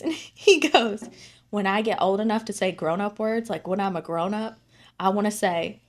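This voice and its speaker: A woman's voice: mid-range voice, moderate pace. A woman in her thirties co-hosting a podcast, chatting casually and telling family stories with lots of acted-out quotes and cursing. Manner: animated storytelling, acts out quotes, swears freely. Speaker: podcast co-host. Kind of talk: casual chat.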